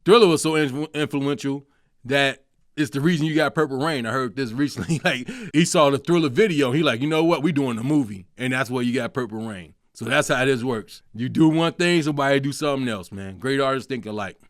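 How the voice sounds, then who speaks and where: A man, hosting a comedic solo talk show, animated and profane, breaking into sung snippets. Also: mid-range voice, fairly quick, no room sound, studio quality. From Chicago. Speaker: host.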